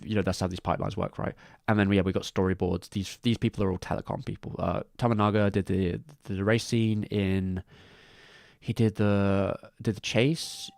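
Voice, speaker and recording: A man's voice: on the low side, steady tone, moderate pace, vocal fry, darkish tone, no echo. Rambling man on a dry livestream. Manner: rambling, many restarts and asides. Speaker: streamer discussing animation credits. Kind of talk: casual livestream commentary.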